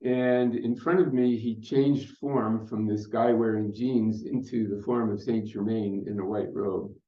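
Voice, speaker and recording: An older man speaking at a conference, telling a personal story in an unhurried, reflective way with fillers. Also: lowish voice, steady tone. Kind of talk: storytelling talk. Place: conference hall. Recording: muffled roomy hall recording.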